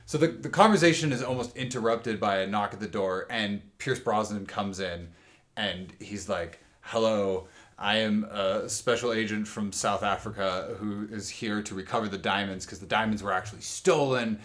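A man's voice: lowish voice, normal speed, fairly bright tone. A man co-hosting a casual podcast, retelling a TV episode in a laid-back way with amused asides. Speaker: podcast co-host. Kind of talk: casual chat recapping a TV episode.

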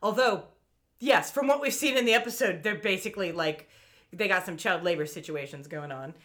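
A woman co-hosting a podcast in casual chat, sarcastic and quick to laugh, swearing freely. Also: fairly low pitch, fairly bright tone. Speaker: podcast co-host.

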